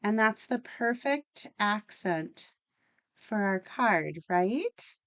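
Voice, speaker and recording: A woman's voice: mid-range voice, animated, very slow, a bit bright, clean tone. A woman hosting a casual card-making tutorial, chatty and enthusiastic as she works. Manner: chatty, enthusiastic, talks while working. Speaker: craft channel host.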